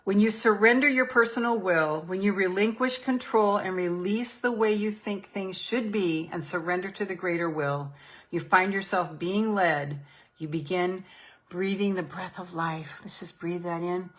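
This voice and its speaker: A middle-aged woman hosting a live spiritual session, guiding listeners through slow, prayerful affirmations. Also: fairly low pitch, fairly bright tone. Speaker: host and self-love coach. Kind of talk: guided spiritual meditation on a live stream.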